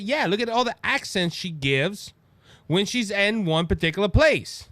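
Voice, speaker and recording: A man with a Cajun Louisiana accent hosting his own show, giving animated, mocking political commentary full of restarts and asides. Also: high-pitched, normal speed, dry recording. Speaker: podcast host.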